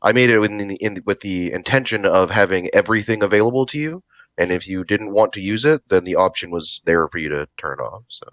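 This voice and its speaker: A man's voice: low voice, animated, a little fast, fairly bright tone, dry recording, lo-fi sound. A man guesting on a gaming chat, speaking matter-of-factly with dry humor. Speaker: guest player. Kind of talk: casual chat.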